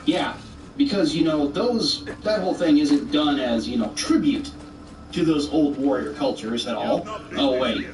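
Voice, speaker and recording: A man's voice: a little high, unhurried. A man giving argumentative commentary, rebutting a video in a sarcastic, exasperated rant. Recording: roomy, distant with faint noise.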